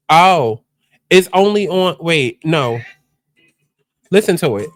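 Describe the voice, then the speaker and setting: Lively, chatty man on reaction commentary. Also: a little high, slow, pauses often, dry recording. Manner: chatty, exclamatory, talks to viewers. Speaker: host. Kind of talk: casual reality TV reaction commentary.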